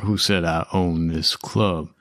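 A man's voice: sits low, steady tone, a bit bright, no room sound, studio quality, voice pushed down. A man doing a drawling cowboy businessman. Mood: easygoing. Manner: slow, drawling, folksy. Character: slow-striding cowboy-hatted man, smooth talker.

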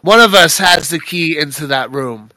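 A tough, blunt guard, voiced by a man at the game table. He threatens in a forceful, pressed voice. The recording is dry and close, with no room sound. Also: fairly high pitch, moderate pace, dry recording, poor audio. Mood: threatening.

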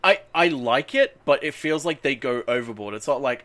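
A man on a podcast recapping a movie in casual chat, animated and swearing freely with rambling asides. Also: medium pitch, moderate pace. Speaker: podcast co-host recapping a film.

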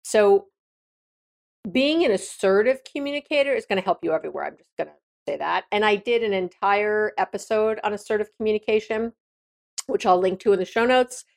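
A woman's voice: medium pitch, a little fast, creaky. A woman hosting an advice podcast, talking frankly and directly in a casual monologue with frequent restarts. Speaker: podcast host.

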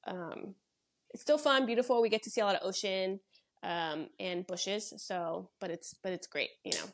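Bubbly, animated woman from Los Angeles. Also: medium pitch, moderate pace. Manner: bubbly, animated storyteller with frequent laughs. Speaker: podcast guest. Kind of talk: casual conversation.

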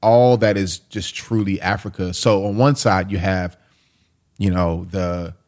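A man from the United States with a somewhat low voice talks in a loose, conversational way. He tells stories with emphasis and plenty of casual slang. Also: a little slow. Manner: animated storyteller, slangy and emphatic. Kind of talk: casual chat.

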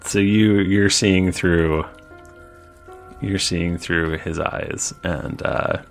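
A man narrates a tabletop game as its game master, his voice very deep and full of gravelly fry. He circles through his descriptions hesitantly, leaning on fillers as he goes. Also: steady tone, very slow, faint music behind.

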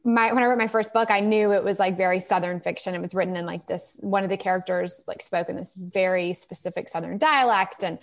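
A woman novelist from the American South who tells stories in an animated, chatty way, often filling her sentences with "like". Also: on the low side, a little fast, few pauses. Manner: animated storytelling, chatty, many "like"s. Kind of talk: casual conversation about writing.

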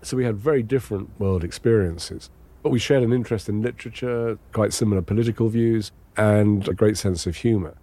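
An English man recounting a long ordeal in measured, understated, wry first-person testimony. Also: fairly low pitch, dark tone. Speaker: interviewee recounting his captivity.

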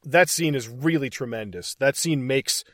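A man's voice: medium pitch, moderate pace, no room sound, studio quality. A man hosting a casual podcast, retelling movie scenes with lots of swearing and enthusiasm. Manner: excited, profane retelling of scenes. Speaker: podcast host. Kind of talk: casual film recap chat.

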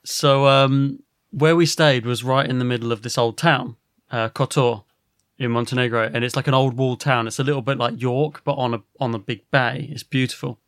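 A man, a podcast host, telling a rambling, animated story and swearing a lot. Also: mid-range voice, moderate pace, smooth, no room sound, studio quality. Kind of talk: casual storytelling.

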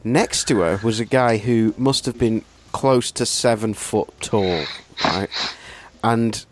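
A man's voice: on the low side, takes it slowly, a little hiss or hum. A Welsh man on a podcast, telling a wry, self-mocking anecdote in casual chat. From Wales. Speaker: podcast co-host.

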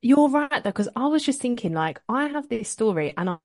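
A woman co-hosting a podcast, reacting to a friend's story with quick gasps and short exclamations. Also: fairly high pitch, animated, a little mellow, dry recording, studio quality. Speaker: podcast co-host. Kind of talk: casual chat.

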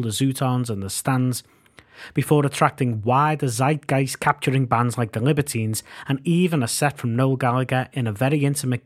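A man, reading his own band memoir in a wry, self-mocking way. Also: medium pitch. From Liverpool, England. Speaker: podcast host and narrator. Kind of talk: scripted memoir narration.

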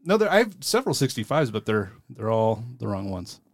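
A man co-hosting a podcast in casual chat, chatty and quick to laugh. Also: on the low side, sing-song, dry recording, clean studio sound. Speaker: podcast co-host.

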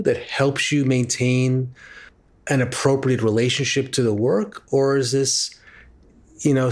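A man interviewing a guest, posing long, thoughtful, searching questions. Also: mid-range voice. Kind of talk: conversational interview.

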